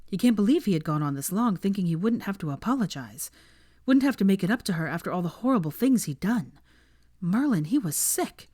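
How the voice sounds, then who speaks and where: A woman narrating fan fiction aloud in a steady, expressive storytelling manner. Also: medium pitch, fairly quick, slightly rough, no echo, studio quality.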